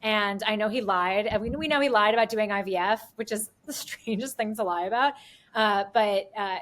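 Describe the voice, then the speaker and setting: A woman's voice: mid-range voice, moderate pace, fairly bright tone. A woman co-hosting a podcast, chatting casually about politics with a sarcastic, rambling manner. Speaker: podcast co-host.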